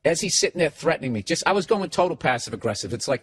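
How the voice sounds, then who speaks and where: A comedian and podcast host telling a story as a profane comic rant, animated and mocking, swearing constantly. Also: male voice, on the high side, fast, few pauses, breathy edge.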